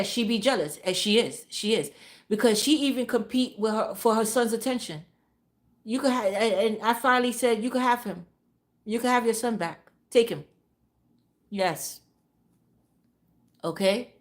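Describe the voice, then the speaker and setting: Woman streamer, casual ranting storytime, salty and emphatic, mid-pitched voice. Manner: profane, emphatic, repeats phrases for emphasis. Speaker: live streamer.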